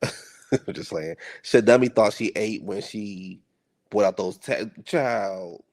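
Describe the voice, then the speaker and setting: A man's voice: on the low side, slow, darkish tone. A man giving sassy, teasing commentary while reacting to a reality show.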